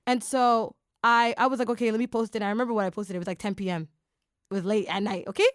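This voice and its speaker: Quick-paced and medium-pitched, a woman's clear, resonant voice leads a casual podcast chat. She's enthusiastic and animated, talking in bursts packed with fillers, captured in a clean, dry studio recording.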